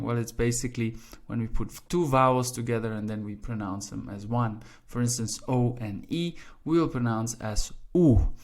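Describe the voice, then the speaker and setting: A man from Belgium, a Dutch speaker, hosting a casual language lesson in an encouraging way with frequent "all right?" check-ins. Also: mid-range voice. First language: Dutch (Flemish). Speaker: language teacher and channel host.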